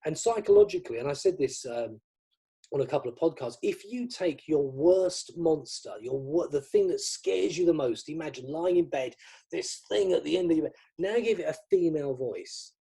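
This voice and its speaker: A man's voice: fairly high pitch, lively intonation, moderate pace, creaky, dark tone, husky. A middle-aged man from the UK, a magician guest in an interview, chatting casually and acting out the dialogue in his stories. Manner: chatty, acts out quoted dialogue.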